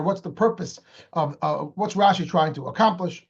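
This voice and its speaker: A rabbi, a man with a high-pitched voice, teaches a Torah lesson in a lively, explanatory way. He keeps asking rhetorical questions and starts sentences over. The recording sounds muffled and lo-fi. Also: normal speed, creaky, breathy edge. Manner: animated, asks rhetorical questions, repeats words when restarting. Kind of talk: explanatory lecture.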